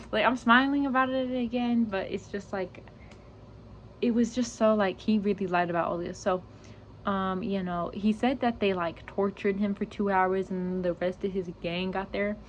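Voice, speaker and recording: A woman's voice: mid-range voice, fairly even intonation, a little slow, slight background noise. Young woman rambling through a storytime. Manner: rambling, heavy use of "like" and "you know". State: close to tears. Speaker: vlogger. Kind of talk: storytime vlog.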